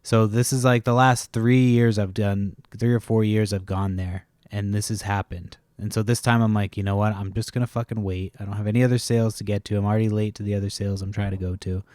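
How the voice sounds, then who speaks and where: A man's voice: lowish voice, fairly even intonation, quick pace, hardly any pauses, a little mellow, clean tone, no echo, studio quality. A man hosting a podcast, telling a rambling story full of swearing, restarts and asides. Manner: profane, rambling, self-interrupting storyteller. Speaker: podcast host. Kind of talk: casual rambling monologue.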